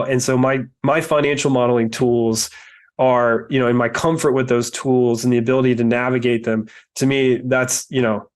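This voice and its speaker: A man who invests in real estate, speaking as a podcast guest in an earnest, reflective way with many fillers. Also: medium pitch. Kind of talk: interview podcast.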